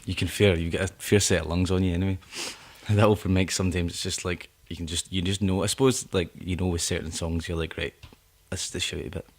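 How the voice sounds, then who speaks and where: A man's voice: sits low, steady tone, quick pace, hardly any pauses. A Scottish man with a Scottish accent, a singer-songwriter guest chatting casually in a rambling, laid-back way. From Scotland. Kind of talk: casual chat.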